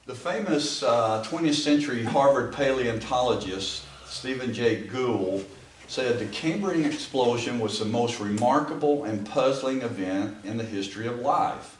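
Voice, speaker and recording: A man's voice: medium pitch, a little slow. A man with an Appalachian accent teaching a Bible class in a folksy way, with frequent fillers and restarts. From American South. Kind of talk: classroom lecture. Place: empty classroom. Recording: echoey room, camera far off, faint ambient noise.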